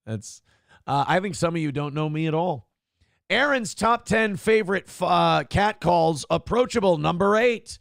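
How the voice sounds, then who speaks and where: A man hosting a live show, reading viewer messages aloud in a raised voice, then dropping into low, wry asides. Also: very animated, takes it slowly, creaky, long pauses, a bit bright, no echo, studio quality. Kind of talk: casual live-stream chat.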